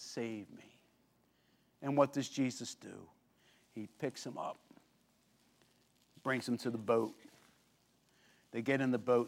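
A man preaching a sermon, telling the story vividly, swinging between lively emphasis and hushed, intense moments and asking the listeners questions. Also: sits high. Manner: animated storytelling with sudden drops to quiet intensity. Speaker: pastor.

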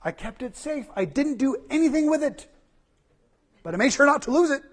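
A timid servant mutters his excuses in a soft, hesitant voice, as a man puts him on. His tone is fairly high and defensive. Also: expressive, a little fast.

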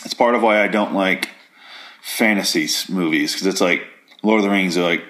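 A man with a low voice rambles through a comedic review monologue. He swears freely, sidetracks often, and keeps a sardonic edge on everything. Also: moderate pace, fairly bright tone. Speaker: podcast host reviewing a show.

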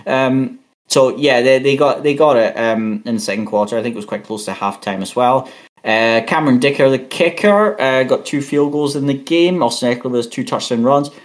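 A man's voice: medium pitch, moderate pace. A man co-hosting a podcast in casual sports chat, hesitant with fillers while reading out stats, and he has the hiccups. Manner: hesitant, many fillers and restarts, reads out stats. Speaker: podcast co-host.

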